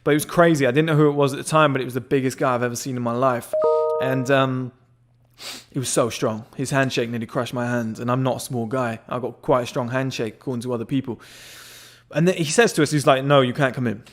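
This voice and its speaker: A young man telling a rambling, excited story in casual chat, swearing often and filling with "like" and "whatever". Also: medium pitch, fast. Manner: excitable, swears a lot, rambling with many fillers. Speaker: members club founder telling a story.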